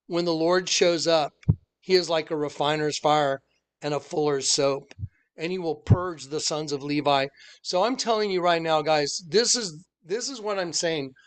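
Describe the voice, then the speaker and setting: Earnest man with a high, clear voice. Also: normal speed. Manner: animated storyteller who acts out the people he quotes; earnest and insistent. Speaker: online preacher and channel host. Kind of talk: recounting a personal story to viewers.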